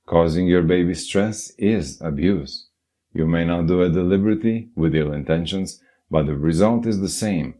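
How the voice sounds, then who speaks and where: A man's voice: low voice, normal speed, dark tone. A man giving a scripted, earnest self-help narration and speaking directly to the listener.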